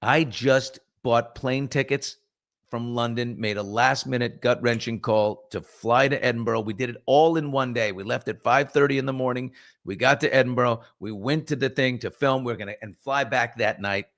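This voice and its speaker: A middle-aged man hosting a casual morning talk show, telling stories with lively acted-out quotes. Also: mid-range voice, normal speed. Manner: animated storyteller, acts out quotes and whispers. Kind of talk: casual storytelling chat.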